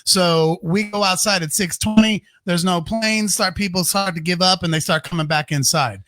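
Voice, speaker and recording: A middle-aged man on a live podcast, ranting in a bright, high voice that cuts through. He swears constantly, hammers the same phrases again and again, and keeps the heat turned up. The sound is dry, with no room echo. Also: normal speed. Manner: heated, swears constantly, repeats himself. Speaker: podcast co-host. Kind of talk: profane comedic rant. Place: home studio during a live stream.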